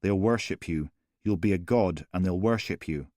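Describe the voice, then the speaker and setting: A man voicing a killer who speaks in a hushed, soothing, sinister way. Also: low voice, moderate pace, dry recording, clean studio sound, lightly acted. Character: creepy soothing male killer, unhinged.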